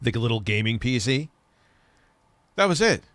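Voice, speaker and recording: A man's voice: mid-range voice, very animated, moderate pace, fairly bright tone, no room sound. A man hosting a live stream, mocking and ranting with plenty of swearing as he reacts to a clip. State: recovering from a leg injury. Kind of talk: casual live-stream commentary.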